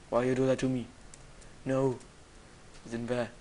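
A young gamer mutters quietly to themselves during gameplay and breaks into loud yells and shrieks at enemies. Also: mid-range voice, unhurried, long pauses, a little hiss or hum. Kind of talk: gameplay commentary.

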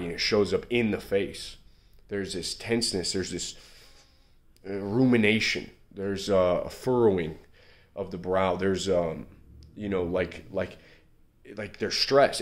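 Deep-voiced man giving earnest motivational advice. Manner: earnest, frequent fillers and restarts. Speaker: men's self-improvement coach. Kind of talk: casual motivational talk to camera.

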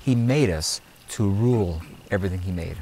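A man's voice: low voice, normal speed, dark tone, a little hiss or hum, rough recording. Emphatic man leading an outdoor garden tour. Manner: emphatic and preachy, repeats phrases, asks "are you hearing me?". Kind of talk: outdoor teaching talk to a group.

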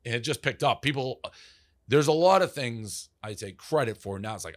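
A man's voice: lowish voice, brisk, no room sound, studio quality. A man talking as a podcast guest about founding his company, rambling and profane, with lots of "like" fillers. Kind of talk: casual interview storytelling.

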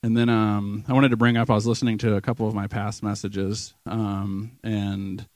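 A man's voice: lowish voice, flat delivery, normal speed, a little mellow, dry recording. A man giving an informal sermon testimony at church, earnest and conversational, with many ums and restarts. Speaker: church member sharing a vision.

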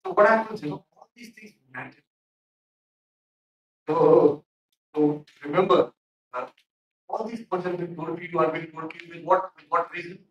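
A man's voice: on the high side, normal speed, pauses often, recorded from a distance, highs cut off. A man giving stern feedback in a mock interview, with many fillers. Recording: echoey room, off mic.

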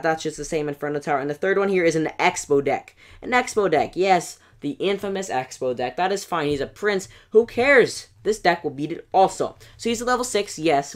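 A gaming channel host giving excitable play-by-play commentary over battle replays, voice going hoarse, recorded as a voice-over at a computer. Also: mid-range voice. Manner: excitable play-by-play, rising to yelps at big moments.

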